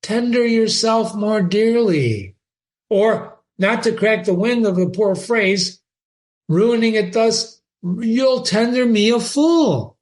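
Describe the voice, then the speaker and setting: A stern, pompous old father who scolds and lectures at length. A man reads the part aloud. The reading is slow and emphatic, pitched above his normal register. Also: expressive, darkish tone. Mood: stern lecturing. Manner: pompous, admonishing.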